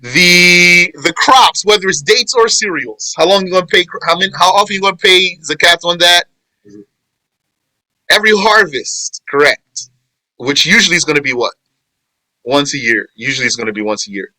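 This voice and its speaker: A man's voice: sits high, normal speed, sharp tone, no echo, low-quality recording. A man teaching an informal class on Islamic law, quizzing his students, restating points and correcting phrasing as he goes. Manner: quizzes students and answers their replies. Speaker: religious teacher.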